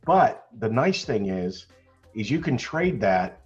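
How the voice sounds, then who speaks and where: An older man chatting loudly and cheerfully on an online call about trading, laughing often. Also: mid-range voice, very animated, slow, muffled recording, faint music behind. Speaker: stock trading chat member. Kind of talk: casual chat.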